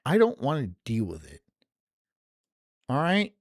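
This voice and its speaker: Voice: medium pitch, wildly swooping pitch, a little slow, no echo, clean studio sound. A streamer chatting casually on a live stream, ranting and venting with lots of swearing and laughing often between remarks.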